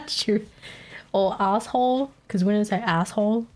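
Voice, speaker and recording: Giggly Australian woman streamer, slow-talking. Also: medium pitch, animated, a little mellow. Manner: giggly, laughs constantly, swears freely. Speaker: livestreamer. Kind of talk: casual live-stream chat.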